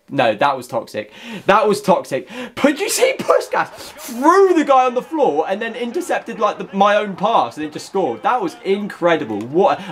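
A young man commentates his own football video game as it happens, his fairly high voice leaping wildly up and down. He jokes with his viewers and breaks into sudden shouts when a goal goes in. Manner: excitable, jokey, bursts into shouts. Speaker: gaming YouTuber. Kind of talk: live gameplay commentary.

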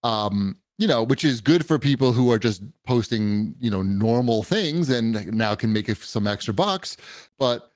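Chatty man guest, mid-pitched voice. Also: lively intonation, measured pace, darkish tone, no room sound, clean studio sound. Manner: rambling, conversational, frequent 'you know'. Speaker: podcast guest. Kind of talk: casual chat.

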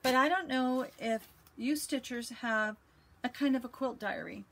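A woman's voice: high voice, a little slow, gravelly. A woman quilting vlogger chatting casually and enthusiastically as she shows her quilts, with lots of ums and restarts. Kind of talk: casual show-and-tell chat.

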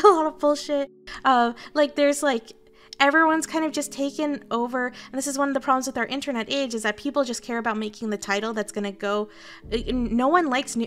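A woman's voice: a little high, fairly bright tone. A Canadian woman streamer talking casually to her viewers, candid and rambling, swearing freely. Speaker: VTuber streamer.

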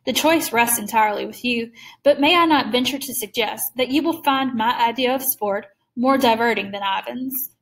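A suave, menacing older general, put on by a woman reading a story aloud, speaking with polished and amused courtesy. The voice sits fairly high and never loses its smooth poise. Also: moderate pace, lightly acted. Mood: courtly.

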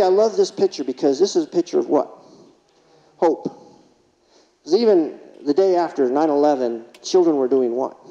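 Man giving a humorous keynote in a hall. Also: fairly high pitch. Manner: humorous, animated anecdotes with rhetorical questions. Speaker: keynote speaker. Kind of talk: storytelling keynote speech. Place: large conference hall. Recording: distant, dull hall reverb.

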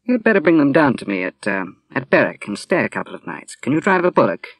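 A brash young woman, bold and teasing, her voice lifted high and loud, as a male narrator puts her on. She speaks bluntly and plainly, in a dry, close reading. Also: very animated, fast talker, no echo.

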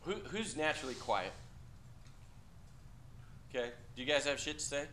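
A man's voice: medium pitch, lively intonation, moderate pace, bright, forceful tone, a little hiss or hum. A man teaching a class, talking bluntly and casually with profanity, quizzing students in a discussion. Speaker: instructor.

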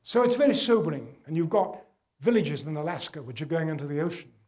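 A man's voice: fairly high pitch, big pitch swings, fast. Earnest older man lecturing. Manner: earnest, emphatic, drops to quiet for weight. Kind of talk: public lecture with slides. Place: gala event hall.

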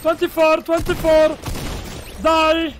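An Italian man putting on a strange high voice in game chat, speaking slow, broken English and repeating his words. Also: completely flat delivery. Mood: pleading. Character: man with strange squeaky high voice, pleading and earnest. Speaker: gaming YouTuber. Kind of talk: prank voice in online game chat.

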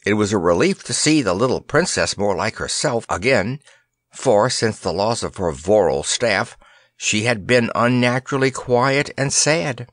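Unhurried man reading a children's story. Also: on the low side, animated, no echo. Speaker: audiobook narrator. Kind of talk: scripted storybook narration.

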